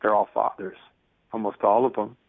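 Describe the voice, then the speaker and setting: A man's voice: fairly low pitch, flat delivery, moderate pace, gravelly, dry recording. A man in his fifties, a guest in an interview, telling stories earnestly and acting out the dialogue. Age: 50s. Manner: earnest storyteller, acts out dialogue. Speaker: guest, prison ministry speaker. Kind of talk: conversational interview over the phone. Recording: tinny phone line.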